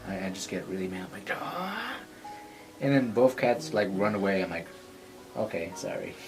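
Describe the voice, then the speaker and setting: A man's voice: low voice, brisk, music in the background. A man talking as a podcast guest in casual chat, laid-back and brief in his replies.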